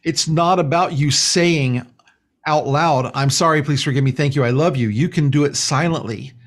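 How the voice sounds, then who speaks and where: Calm earnest man teaching slowly. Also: a little high. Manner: calm, slow, earnest, repetitive phrases. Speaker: guest speaker. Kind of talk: spiritual teaching in conversation.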